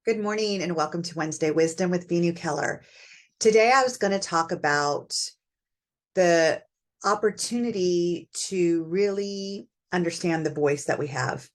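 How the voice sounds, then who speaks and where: On her own show, a middle-aged host reflects on parenting at normal speed in a fairly low voice. She sounds warm and chatty, working through her thoughts with plenty of fillers.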